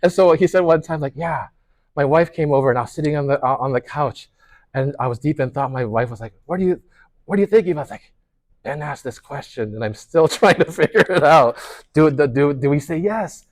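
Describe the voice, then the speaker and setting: A man, a pastor, leading a workshop in a conversational way, telling stories with lots of restarts and fillers. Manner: animated storyteller, lively pitch swings, many restarts and fillers.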